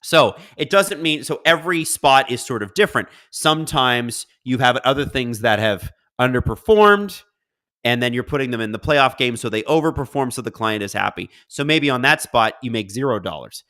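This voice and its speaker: A man's voice: medium pitch, animated, moderate pace, bright, forceful tone. A man hosting a casual live stream, reading viewer comments aloud and riffing on them in a chatty way. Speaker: livestream host.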